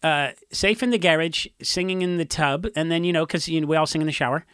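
A man's voice: fairly high pitch, fairly even intonation, fast, a bit bright, smooth, no echo, studio quality. A man, a punk musician, chatting casually and rambling through stories with many restarts and fillers. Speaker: punk musician discussing a song. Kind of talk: casual chat.

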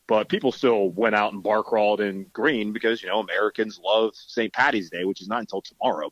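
A man's voice: lowish voice, a bit bright, no echo. A man joining a podcast as a guest, telling self-deprecating stories with jokes in casual chat. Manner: joking, self-deprecating storytelling. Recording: dull, dry lo-fi sound.

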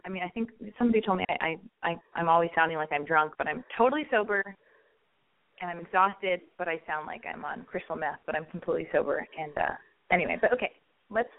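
A young woman hosting a call-in show, talking in a rambling, blunt and joking way with frequent swearing. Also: lowish voice. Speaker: radio call-in host. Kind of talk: casual call-in chat. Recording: thin phone-like sound.

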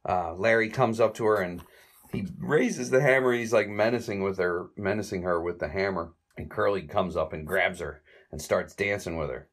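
A man casually retelling the plot of an old comedy short, halting with restarts and little chuckles. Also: low-pitched. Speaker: film reviewer recapping a classic comedy short.

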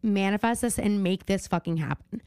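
A woman's voice: medium pitch, normal speed, a little mellow, slight background noise. A young woman co-hosting a podcast in casual chat, ranting animatedly and swearing often. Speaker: podcast co-host.

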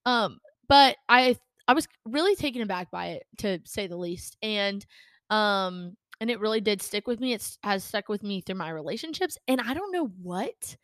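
A woman's voice: medium pitch, a bit bright, dry recording. Young woman chatting on her faith podcast, lots of ums and restarts, dead dry sound. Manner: chatty, rambling, with many fillers and restarts. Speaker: podcast host. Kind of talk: casual faith podcast talk.

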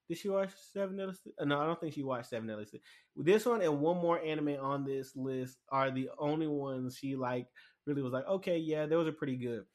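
A man chatting casually and excitedly about a show, rambling with lots of fillers and restarts. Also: fairly high pitch. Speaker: anime commentator. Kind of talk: casual chat.

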